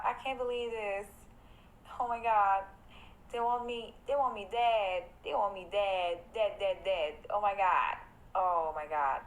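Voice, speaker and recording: A young woman livestreaming from her home, talking to her viewers in a jumpy, excitable way and pleading with them and her dog. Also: mid-range voice, slow, pauses often, low-quality recording. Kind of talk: casual livestream chat. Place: home at night.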